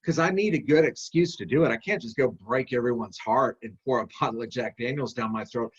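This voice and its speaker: A man's voice: medium pitch, fairly quick, husky, lo-fi sound. A man giving a candid, conversational recovery talk in a workshop, rambling and restarting as he goes. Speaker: workshop speaker. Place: video call.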